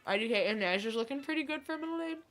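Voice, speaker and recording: A woman's voice: a little high, animated, very fast, a bit bright, soft background music. Chatty woman streamer, stuffy nose. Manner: chatty, reading and answering chat. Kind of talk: casual chat while gaming.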